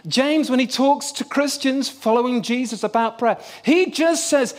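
A man's voice: extremely high pitch, moderate pace, few pauses. A middle-aged man preaching a sermon and telling a personal story with humor.

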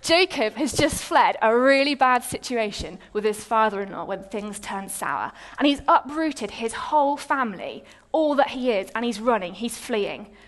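A woman preaching a sermon, retelling a scripture story with lively, dramatic pacing and pauses. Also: fairly high pitch.

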